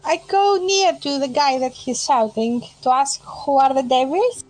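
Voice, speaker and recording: A woman's voice: high voice, expressive, unhurried, no room sound, soft background music. A woman playing a tabletop game, speaking politely and eagerly. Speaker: player. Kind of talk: casual role-play chat.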